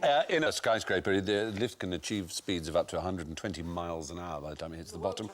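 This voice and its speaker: A man's voice: sits low, fast talker. A middle-aged man hosting a quiz panel show and explaining odd facts with learned relish. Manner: erudite, lively explainer.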